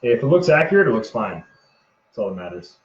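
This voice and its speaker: A man hosting a prop-making livestream, chatting casually in a low-key, self-described monotone as he works. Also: a little fast. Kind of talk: casual livestream chat while crafting. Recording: roomy, dull lo-fi sound.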